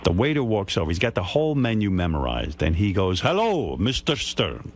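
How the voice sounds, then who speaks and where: A man's voice: low-pitched, sing-song, quick pace, darkish tone, a little hiss or hum. An older man, hosting a radio show and lecturing a caller bluntly. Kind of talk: on-air advice to a caller.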